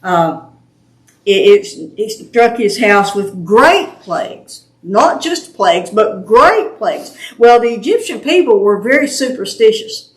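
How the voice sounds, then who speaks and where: Expressive and measured, this mid-range woman's voice carries an East Tennessee Southern accent. She leads a small Bible study group in a chatty, patient way, laughing readily, and the home recording sounds roomy.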